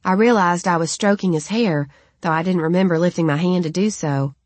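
Woman narrating a novel, lowish voice. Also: fairly quick, a little mellow, dry recording. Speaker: audiobook narrator. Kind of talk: first-person novel narration.

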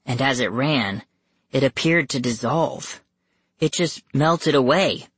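An audiobook narrator reading a first-person spooky story slowly and suspensefully. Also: medium pitch, husky, no echo. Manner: slow, measured and suspenseful, rising tense at scary moments. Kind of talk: first-person scripted horror narration for young readers.

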